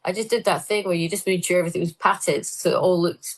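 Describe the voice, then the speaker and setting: A woman presenter and comedian chatting as a guest, telling lively anecdotes and mimicking the people she quotes. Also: on the low side, quick pace, rough recording. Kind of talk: casual anecdotal chat.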